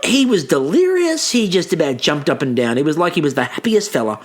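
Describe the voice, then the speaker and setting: A man's voice: a little high, brisk. Ranting man co-hosting. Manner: ranting, animated storytelling. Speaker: podcast co-host. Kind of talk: casual comedic recap chat.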